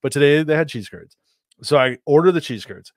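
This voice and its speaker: A man's voice: fairly high pitch, brisk, no room sound, clean studio sound. Chatty man telling a rambling story. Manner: rambling, animated, exasperated asides. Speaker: podcast co-host. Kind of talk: casual storytelling chat.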